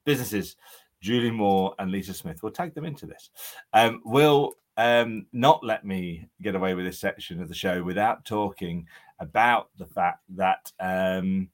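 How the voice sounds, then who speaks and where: A man's voice: low voice, unhurried. Jovial man, estate agent co-host. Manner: jovial, self-deprecating storyteller with filler ums. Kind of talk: casual podcast chat.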